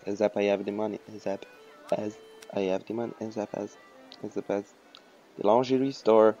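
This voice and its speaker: A man rambling through casual game commentary, swearing and joking at himself, his voice hoarse. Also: fairly low pitch, fairly even intonation, moderate pace, warm tone, dull audio, soft background music. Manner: rambling, profane, self-mocking. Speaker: let's play host.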